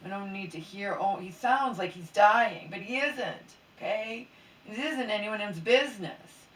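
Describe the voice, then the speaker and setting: A woman's voice: mid-range voice, lively intonation, a little slow, fairly bright tone. Woman vlogger, drowsy and a bit hungover, rambles and half-whispers; mic well off, room echo. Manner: rambling, often drops to a near whisper. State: sleepy and mildly hungover. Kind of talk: casual late-night venting chat. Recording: roomy echo, mic at a distance, faint background hiss.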